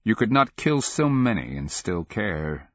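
A man with a very low voice narrates a grim fantasy story in a measured, grave way. The recording is dry and close, with a slightly dull, muffled sound. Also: sing-song, dry recording. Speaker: audiobook narrator. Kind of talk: scripted narration.

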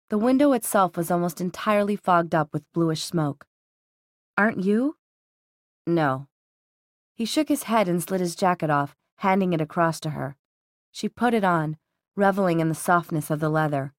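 Woman narrating in a low, dry read. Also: no room sound. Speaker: audiobook narrator. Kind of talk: scripted narration.

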